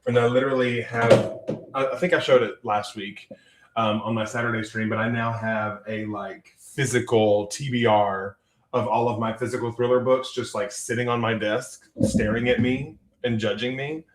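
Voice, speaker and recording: A man's voice: medium pitch, steady tone, moderate pace, roomy sound. A man with a Southern US accent hosting a live writing stream, chatting casually and reading out viewer comments. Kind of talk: casual livestream chat. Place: home room at his desk.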